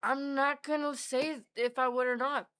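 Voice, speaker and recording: A woman's voice: sits high, fairly even intonation, moderate pace, fairly bright tone. A young woman co-hosting a casual livestream, teasing and blunt. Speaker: co-host.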